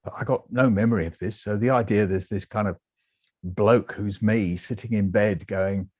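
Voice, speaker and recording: A British man, a guest author, telling his story in a lively interview and acting out the voices he quotes. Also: fairly low pitch, normal speed, no room sound. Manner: animated, acts out quoted voices.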